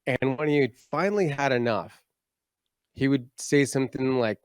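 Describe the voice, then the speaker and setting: A man's voice: mid-range voice, moderate pace, no room sound, studio quality. A middle-aged man co-hosting a casual parenting podcast, telling stories about his own teenage years and laughing at himself. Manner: storytelling, laughs at himself, acts out his dad in quotes. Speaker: podcast co-host.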